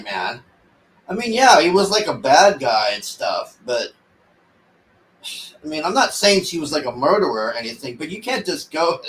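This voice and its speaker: A man's voice: sits high, very animated, a little slow, fairly bright tone, far from the mic. A man rambling through a casual movie review, exasperated and sarcastic, mocking the characters as he talks. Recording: echoey room, voice off-mic.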